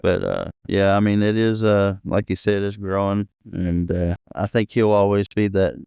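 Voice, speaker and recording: A man, co-hosting a podcast in relaxed casual chat, agreeable and quick to murmur assent. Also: on the low side, clean tone, no echo. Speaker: podcast co-host. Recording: dull, muffled sound.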